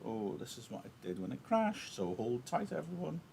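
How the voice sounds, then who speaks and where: A man's voice: mid-range voice, very animated, normal speed, vocal fry, mellow, a little hiss or hum. A male teacher, chatty and apologetic, explaining a play on a livestream through his laptop, his throat a little sore. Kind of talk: livestreamed reading lesson with analysis.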